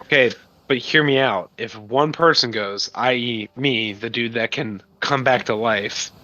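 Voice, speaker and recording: A man's voice: medium pitch, unhurried, pushed and bright, highs cut off. A man playing a tabletop game, persistent and pushy in argument. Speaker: player. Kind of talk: tabletop role-play.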